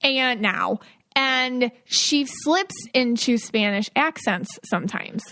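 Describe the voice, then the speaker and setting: Woman podcast host, higher voice, chatty and rambling, casual talk. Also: expressive, bright, forceful tone. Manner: chatty, quick asides, frequent fillers. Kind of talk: casual chat.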